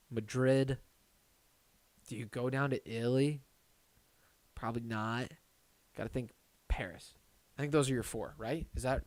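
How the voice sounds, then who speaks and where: Excitable man chatting on a live stream. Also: medium pitch. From Detroit area. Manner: excitable, talks to chat and his pet, swings from loud to muttering. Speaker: streamer hosting a draft watch party. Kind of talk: casual live-stream chat, reading comments.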